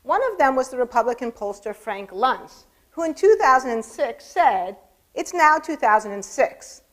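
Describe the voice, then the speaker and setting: A woman giving a public lecture, with wry asides and pointed emphasis. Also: a little high. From United States.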